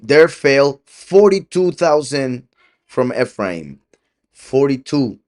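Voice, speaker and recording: Male preacher, mid-pitched, teaching scripture, deliberate and explanatory. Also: darkish tone. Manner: explanatory, asks the listener questions, slows to stress numbers. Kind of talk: Bible study teaching.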